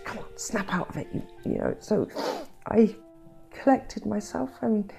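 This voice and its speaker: A woman vlogger recounting her family estrangement in an emotional, halting way, repeating words when upset and close to tears at times. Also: medium pitch, gravelly, dark tone, husky. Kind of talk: personal storytelling.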